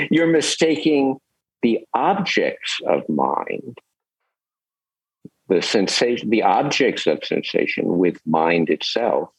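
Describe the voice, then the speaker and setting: A man's voice: on the low side, drawn-out words, pauses often, breathy edge, no room sound, full character voice, low-quality recording. An older man voicing a patient wise teacher. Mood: explaining. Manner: calm, questioning, patient. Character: patient wise male spiritual teacher, gently probing.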